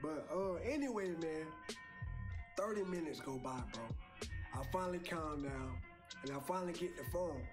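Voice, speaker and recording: Laid-back man over loud music. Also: a little high, expressive, normal speed. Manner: laid-back, fills talk with "like" and "bro". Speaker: music channel host. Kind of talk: casual storytelling. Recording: clip with loud music behind.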